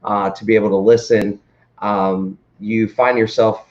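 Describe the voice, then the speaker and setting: A man co-hosting a casual live morning show, talking in a halting, rambling way with lots of fillers and restarts. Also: lowish voice, level tone, a little mellow, dull audio. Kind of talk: casual live-stream chat.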